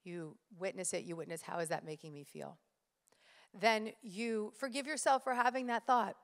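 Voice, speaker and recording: Woman giving a lively talk in a hall. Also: medium pitch, moderate pace. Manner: lively storytelling, addressing the audience directly. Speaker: speaker at a live event. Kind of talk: motivational live talk. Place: stage in a large hall. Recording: live hall with reverb.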